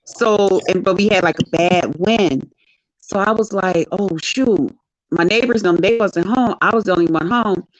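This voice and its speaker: A woman guest in a casual chat, telling a story in an animated, expressive way. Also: medium pitch, moderate pace, no room sound. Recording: dull lo-fi sound.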